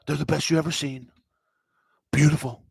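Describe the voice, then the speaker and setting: A man mocking a boastful male pitchman. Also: fairly even intonation, normal speed, creaky, breathy edge, no room sound, studio quality, heavily acted.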